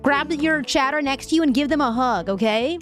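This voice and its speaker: A woman's voice: high-pitched, normal speed, fairly bright tone, faint music behind. A woman streamer reading news aloud, reacting emotionally and chatting with viewers in a casual live-stream. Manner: emotional, frequently laughing and venting; reads articles aloud with asides.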